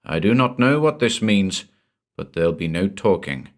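A man's voice: low voice, big pitch swings, moderate pace. A man voicing an old, devout and loyal male manservant who speaks in a grave, formal, plain way. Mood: solemn.

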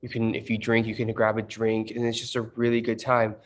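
A man in his thirties chats casually on a livestream, telling stories and answering fan questions with lots of fillers. His voice is on the low side, and he speaks briskly with a completely flat delivery.

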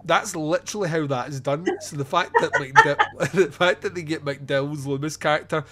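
A man's voice: a little high, moderate pace. Laughing, swearing man hosting a podcast. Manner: laughs often, swears, animated and rambling. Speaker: podcast host. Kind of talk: casual film review chat.

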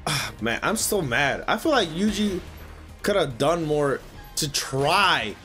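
A young man hosting an anime reaction video, swearing and yelling at the screen as he watches. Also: fairly high pitch, slow, soft background music. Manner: excitable, yells and swears at the screen. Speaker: anime reaction channel host. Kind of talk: reacting live to an anime episode.

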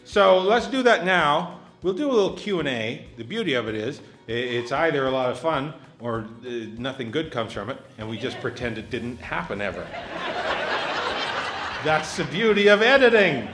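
A man's voice: a little high, big pitch swings, normal speed, music in the background. A man in his fifties doing a live stand-up Q&A, joking and self-mocking with the crowd. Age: 50s. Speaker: stand-up comedian hosting audience Q&A. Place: live theatre stage.

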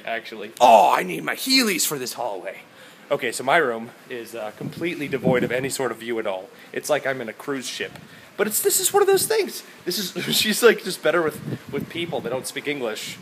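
A man's voice: medium pitch, vocal fry. Brief: man, goofy rambling travel vlogger, tired, handheld camera, faint background hum. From Florida, USA. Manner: goofy, rambling, jumps between loud bursts and mumbling. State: tired, out of breath. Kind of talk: hyper casual travel vlog. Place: hotel rooms, halls and balcony.

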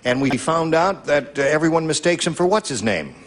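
A man's voice: fairly high pitch, animated, brisk. A man hosting a television game show in a studio, playful and teasing with the players. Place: television studio with live audience. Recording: studio audience and show music.

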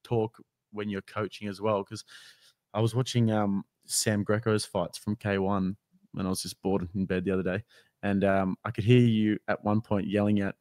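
A man's voice: lowish voice, little pitch movement, moderate pace, a little mellow, no echo, studio quality. A man co-hosting a casual podcast, easygoing and curious, laughing often as he asks questions. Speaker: podcast co-host.

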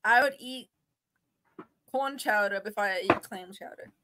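A woman's voice: mid-range voice, measured pace, very noisy. A woman chatting casually with a friend on a call, playful and teasing. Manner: playful, teasing, laughs often. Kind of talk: casual chat.

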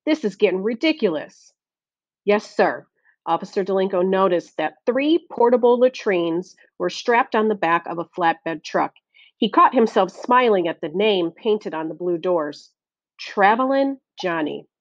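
A woman's voice: medium pitch, expressive, unhurried, dry recording, highs cut off. Woman narrating a storybook, dry sound. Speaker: audiobook narrator. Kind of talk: scripted narration.

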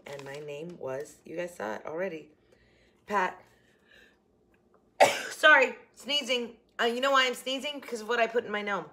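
A middle-aged woman chats through a homemade craft vlog in her kitchen, rambling and correcting herself as she goes. Her voice is bright and forward, sitting a little low for a woman, and now and then it drifts farther from the camera. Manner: rambling, animated, self-correcting. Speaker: crafting channel host. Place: home kitchen.

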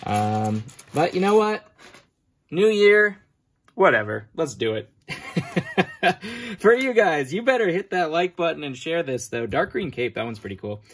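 A man's voice: a little high, very animated, a little slow, pauses often. A man chatting casually to his viewers as he sorts through a big toy haul, joking at his own expense as he goes. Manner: chatty, self-mocking, sorting items while talking. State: standing for a long time, back sore. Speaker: toy collector vlogger. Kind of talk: casual unboxing commentary.

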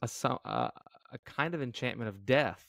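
A man's voice: mid-range voice, animated, moderate pace, vocal fry, a bit bright, dry recording, studio quality. Tentative man thinking aloud. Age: adult. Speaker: podcast co-host. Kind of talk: casual book discussion.

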